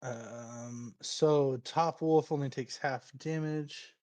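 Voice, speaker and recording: A man narrating as game master for a tabletop game, chatty and quick to laugh. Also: medium pitch. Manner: laughs often, relaxed and chatty.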